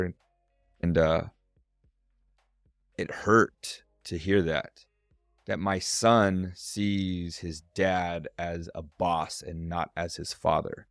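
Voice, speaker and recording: A man's voice: low voice, steady tone, slow pace, no echo, studio quality, faint music behind. A middle-aged man, a strengths coach and guest, telling a personal story on a podcast and acting out voices in the quotes.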